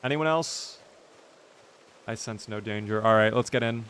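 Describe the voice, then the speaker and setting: A man's voice: fairly low pitch, a little slow, noisy background. A man streaming a game live, chatting casually, teasing his character and answering his chat.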